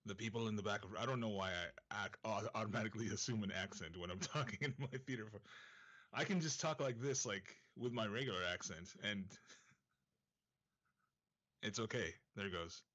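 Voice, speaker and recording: Man guest, casual chat, lowish voice, easygoing, halting, dull lo-fi mic. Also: a bit bright. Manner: easygoing, laughs often, halting.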